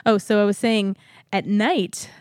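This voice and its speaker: A young woman co-hosting a relaxed podcast, talking in a chatty, rambling way and laughing easily. Her voice sits at a middle pitch. The sound is dry and close to the mic. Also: unhurried, no echo. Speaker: podcast co-host. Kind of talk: casual chat.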